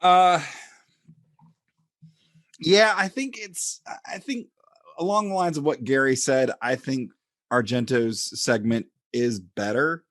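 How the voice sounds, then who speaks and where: A man's voice: mid-range voice, slow, long pauses, fairly bright tone, dry recording, studio quality. A man co-hosting a film podcast, giving his views hesitantly with ums and repeats. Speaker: podcast co-host. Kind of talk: casual film discussion.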